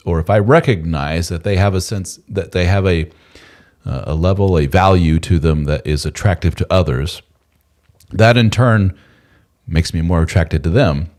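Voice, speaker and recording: A man hosting a live chat, telling stories with lively acted-out quotes. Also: low voice. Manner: animated storytelling, acts out quoted voices. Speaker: podcast host.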